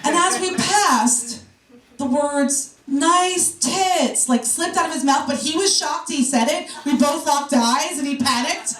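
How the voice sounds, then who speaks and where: A woman's voice: sits high, a little slow, a bit bright. A woman doing a brash, profane stand-up set, teasing the crowd. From New York. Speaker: stand-up comedian. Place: comedy club stage. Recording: roomy club sound from a distance. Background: audience laughter.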